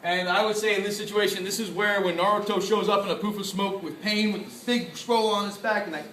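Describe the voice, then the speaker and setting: Excitable male panel speaker, high bright voice, heard from afar in a roomy hall. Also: brisk, a little hiss or hum. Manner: excitable, laughs often, acts out reactions. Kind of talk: lively convention lecture. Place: convention panel room. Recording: echoey room, from far off.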